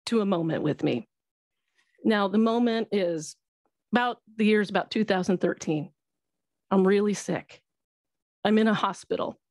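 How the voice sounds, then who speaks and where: A woman's voice: mid-range voice, a little mellow, no room sound, studio quality. A middle-aged woman, a Christian radio host, sharing a heartfelt personal testimony on a webinar. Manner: earnest, heartfelt storytelling.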